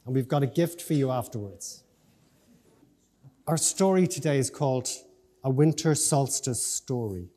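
A man leading a church service, reading a children's story aloud gently and lifting his voice for the characters. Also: mid-range voice, lively intonation, a little slow, pauses often. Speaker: minister. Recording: long church reverb with faint music.

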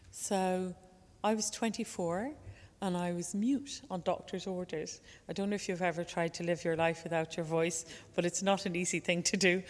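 A woman telling a personal story in a reflective way, slowing down on key words. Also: fairly low pitch. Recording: long hall reverb.

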